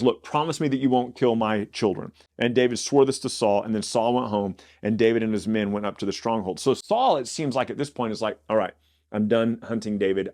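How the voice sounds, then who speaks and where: A man's voice: on the low side, darkish tone. A man hosting a Bible study podcast. He reads scripture aloud and explains it in a conversational way, often restarting and repeating words.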